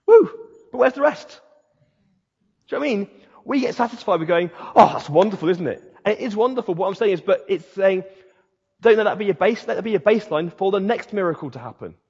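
A man preaching a sermon as the pastor, rousing and punchy, dropping low and quiet and then building up loud with repeated phrases. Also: slightly rough. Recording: dull sound with long hall reverb.

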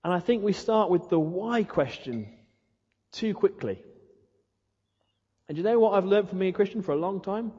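A man's voice: high voice, lively intonation, moderate pace, pauses often, warm tone, husky. A man preaching a sermon, acting out questions and prayers in a rhetorical way. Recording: dull echoey hall.

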